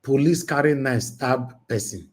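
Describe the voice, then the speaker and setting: A man with a Nigerian accent hosting a casual news reaction stream, animated and mixing Pidgin with English, often asking "Eh?". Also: mid-range voice, unhurried. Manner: animated, switches between Pidgin and English, exclaims "Eh?". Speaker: news commentary host.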